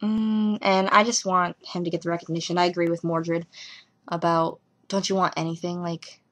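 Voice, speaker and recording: A young woman casually reviewing a TV episode at home, rambling and giggling through animated asides. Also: lowish voice, moderate pace.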